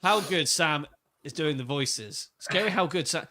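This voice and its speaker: A man's voice: fairly high pitch, a little slow. A man co-hosting a wrestling podcast, chatting casually and telling stories in a rambling, joking way. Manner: rambling, joking, animated storyteller. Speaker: podcast co-host.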